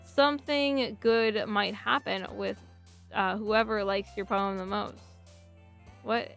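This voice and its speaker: A woman's voice: medium pitch, fairly even intonation, slow, vocal fry, a bit bright, soft background music. A woman streamer chatting casually and reading game text aloud, often breaking into giggles. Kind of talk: casual let's-play commentary.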